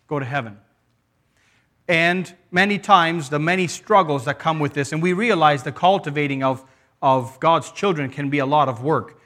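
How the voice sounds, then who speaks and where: A male preacher delivering a sermon to his congregation. His voice sits a little higher than most men's. He speaks earnestly, often stopping to restart a thought or to read scripture aloud. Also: a bit bright.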